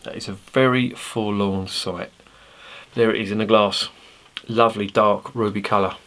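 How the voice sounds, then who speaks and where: Male beer reviewer, low-pitched, casual and rambling, throws in jokes. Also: steady tone, moderate pace, fairly bright tone. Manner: chatty, rambling, jokey asides.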